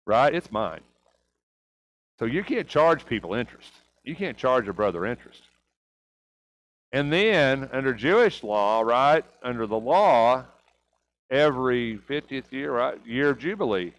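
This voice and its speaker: A man's voice: medium pitch, expressive, normal speed, low-quality recording. A man teaching a church Bible class, asking rhetorical questions and often checking in with "right?".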